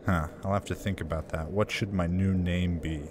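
A man talking through a horror game in a relaxed, joking way, stopping to read in-game notes aloud. His voice sits on the lower side. A faint hiss hangs under the recording. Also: moderate pace. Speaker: let's play gamer. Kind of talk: gameplay commentary.

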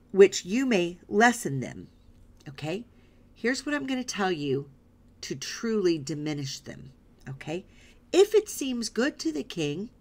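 Lower-voiced woman teaching scripture. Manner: often checks in with "right?" and "okay?"; reads passages aloud, then stops to explain. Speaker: Bible teacher. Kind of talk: scripture reading with commentary.

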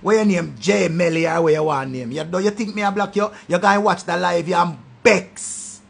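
A man with a Jamaican accent delivers a loud, insulting rant in patois. His voice sits high, with a gravelly, husky edge. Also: normal speed. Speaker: online commentator. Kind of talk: ranting commentary.

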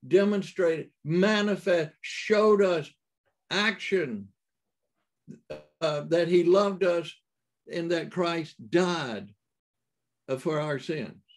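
Man, preacher, sermon, unhurried delivery, restarts and fillers, emphatic rises. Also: fairly high pitch.

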